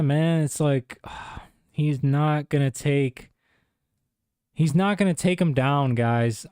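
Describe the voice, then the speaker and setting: A man's voice: mid-range voice, warm tone, smooth, no room sound, clean studio sound. A young man ranting casually about fight cards, exasperated and incredulous, dropping "bro" often. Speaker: MMA commentator. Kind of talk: casual opinion rant.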